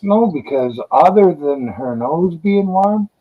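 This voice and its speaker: Husky man giving short, subdued answers. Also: a little high, expressive, takes it slowly, phone-quality sound. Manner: terse, subdued replies. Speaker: friend. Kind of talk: casual chat.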